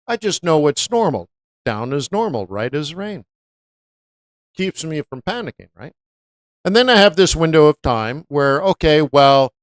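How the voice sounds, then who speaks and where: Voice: mid-range voice, clean tone, no room sound, studio quality. A live forex trading stream host giving casual market commentary. The delivery is chatty and anecdotal, and words get repeated for emphasis. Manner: slips into voices when quoting others.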